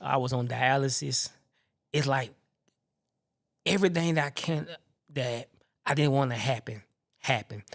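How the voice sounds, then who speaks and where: Man, podcast host, gravelly mid-pitched voice, animated faith testimony. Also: unhurried, pauses often. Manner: animated storyteller acting out the people he quotes. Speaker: podcast host telling his own story.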